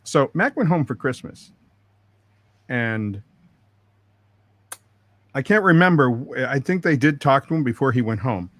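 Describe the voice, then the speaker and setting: A man's voice: medium pitch, animated, a little slow, pauses often, a bit bright, no room sound. A middle-aged man, a record producer, telling long rambling studio stories full of quoted dialogue. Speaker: record producer, interview guest. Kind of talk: storytelling interview.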